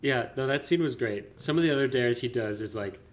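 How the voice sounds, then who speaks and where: A man's voice: mid-range voice, a little fast. A man co-hosting a casual film review podcast, retelling scenes and acting out the characters' lines. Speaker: podcast co-host.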